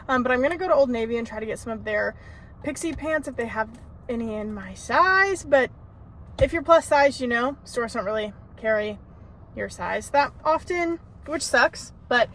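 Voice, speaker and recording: Chatty high-voiced young woman vlogging. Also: a bit bright, a little hiss or hum. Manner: chatty, candid, with frequent fillers and laughs. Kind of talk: casual vlog chat. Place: car and errands on a lunch break. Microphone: handheld phone camera.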